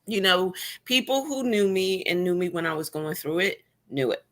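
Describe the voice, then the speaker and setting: A woman with a notably low voice speaks candidly and with wry humor as a guest. She is middle-aged and talks in a casual conversation over a video call. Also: lively intonation, normal speed, fairly bright tone. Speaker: guest, cancer survivor blogger. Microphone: remote video call.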